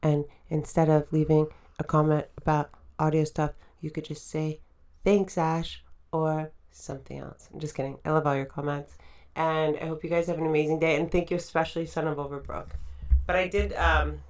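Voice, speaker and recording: A woman hosting a casual show, signing off with quick playful jokes and asides. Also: low-pitched, flat delivery, a little mellow. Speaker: podcast host. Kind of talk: casual chat show sign-off. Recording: roomy echo, mic at a distance.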